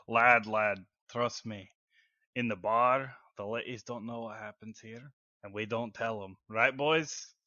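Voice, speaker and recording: A man voicing a friendly, jovial middle-aged father in a tabletop game, hearty and quick to laugh. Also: medium pitch, steady tone, pushed and bright, dry recording, lo-fi sound. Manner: hearty, laughing, calls people mate and lad.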